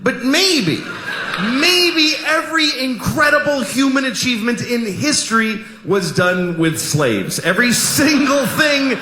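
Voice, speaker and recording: A man's voice: very high-pitched, big pitch swings, unhurried, sharp tone. A man doing a stand-up routine, ranting sarcastically and provocatively to a live audience. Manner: provocative, sarcastic, building rants. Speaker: stand-up comedian. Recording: echoey live venue with noise.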